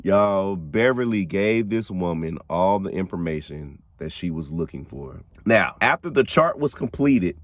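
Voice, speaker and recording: Brief: male podcast host, casual slangy storyteller, low voice with very animated pitch. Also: measured pace, few pauses, dry recording. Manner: animated, slangy, laughs often, addresses listeners directly. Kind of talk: casual true crime storytelling.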